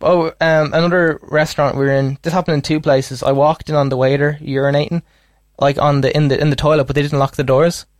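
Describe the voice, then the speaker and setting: A man's voice: a little high, flat delivery, fast talker, dry recording. Man telling rambling stories, dry sound. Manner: rambling anecdotal storytelling, laughs often. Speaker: podcast co-host. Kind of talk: casual chat.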